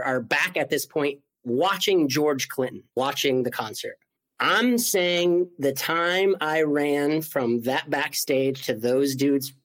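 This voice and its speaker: A man in his forties telling a story as an interview guest, animated and full of "like" fillers. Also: fairly high pitch. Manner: animated, acts out quoted voices, many "like" fillers. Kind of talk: storytelling in conversation.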